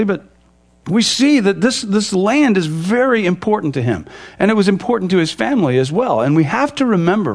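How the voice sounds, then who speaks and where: Guy preaching, kinda gravelly voice, bounces up and down a lot, chatty with lots of uh's. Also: on the high side. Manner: casual, with frequent fillers and restarts. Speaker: pastor. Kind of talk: conversational Bible teaching.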